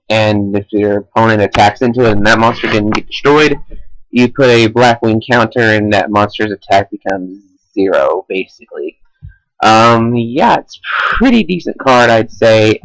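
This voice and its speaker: A man's voice: on the low side, a bit bright, no echo, poor audio. A man giving casual countdown commentary as a YouTuber, rambling in loose, slangy chatter. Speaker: YouTuber ranking card game decks.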